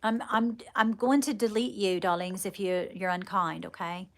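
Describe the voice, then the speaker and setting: A woman leading a live channelling stream, speaking in halting, repeated phrases and calling her viewers darling. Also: mid-range voice, fairly even intonation. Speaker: psychic medium.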